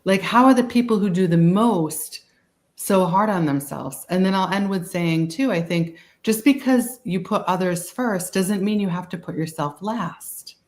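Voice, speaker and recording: A woman's voice: medium pitch, expressive, unhurried, a little mellow, echoey room. A woman with a Boston accent speaks as a guest in a webinar on a video call. She rambles casually and fills her talk with "like" and "you know.".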